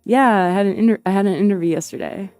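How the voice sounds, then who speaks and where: A woman's voice: mid-range voice, quick pace, darkish tone, smooth, no room sound, faint music behind. A young woman streamer chatting casually and hesitantly, with lots of fillers and restarts. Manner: rambling and hesitant, many fillers and restarts, laughs often. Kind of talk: casual livestream chat.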